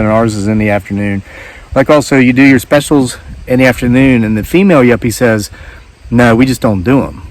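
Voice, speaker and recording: A man vlogging outdoors in the woods, telling a rambling, wry story with lots of asides. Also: mid-range voice. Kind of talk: casual storytelling monologue.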